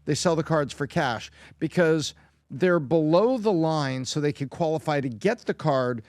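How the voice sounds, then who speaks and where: A man's voice: a little high, lively intonation, measured pace, darkish tone, no room sound, studio quality. A man speaking as a podcast panelist in a casual debate, rambling and argumentative.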